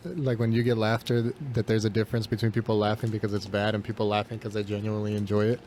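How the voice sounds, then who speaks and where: A man's voice: lowish voice, flat delivery, quick pace, darkish tone, slight background noise. A man co-hosting a casual podcast chat, chatty and asking follow-up questions. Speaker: podcast co-host.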